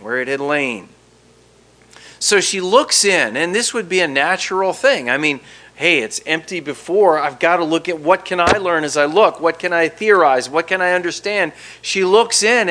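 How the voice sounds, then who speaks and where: A man preaching a verse-by-verse sermon with an expressive delivery that swings from emphatic to hushed. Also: on the high side.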